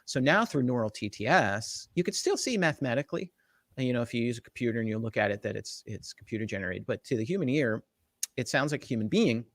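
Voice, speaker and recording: A middle-aged man talks tech in a keen, rambling flow, full of fillers and quick restarts. His voice sits at an ordinary pitch. The sound is close and dry, with no room echo. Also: lively intonation. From Jersey Shore, US. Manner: enthusiastic, rambling explainer with many fillers and restarts. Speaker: tech evangelist guest. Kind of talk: casual interview explanation.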